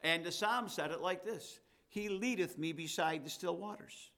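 A man's voice: sits high, normal speed, a bit bright. A man, the pastor, preaching a sermon in a conversational way and reading scripture with rising emphasis.

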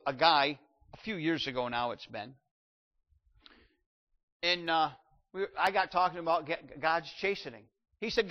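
A man in his fifties preaches with a fairly high voice, rising into loud, ringing exhortation and then dropping low for quiet stories. The sound is dull and lo-fi. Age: 50s. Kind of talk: sermon. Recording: dull lo-fi recording.

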